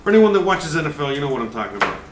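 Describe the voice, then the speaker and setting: A man's voice: fairly high pitch, big pitch swings, rapid-fire. A man, a former chef, hosting a casual live cooking stream from a kitchen, rambling and joking with lots of filler words. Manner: rambling, filler-heavy, jokey. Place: home kitchen. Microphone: distant from the mic. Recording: roomy, distant, noisy home recording.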